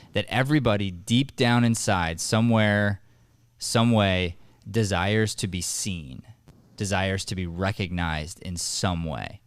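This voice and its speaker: A man's voice: low voice, no echo. A man hosting an acting podcast, talking earnestly with emphatic restarts. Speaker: podcast host, acting coach. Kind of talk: casual podcast discussion.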